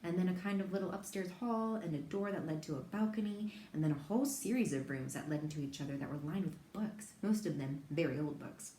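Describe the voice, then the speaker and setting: A woman reads a children's novel aloud in a low, mellow voice, gentle and lively as she tells the story. The room around her has a noticeable echo, with a faint hiss underneath. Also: brisk, few pauses. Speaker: reader.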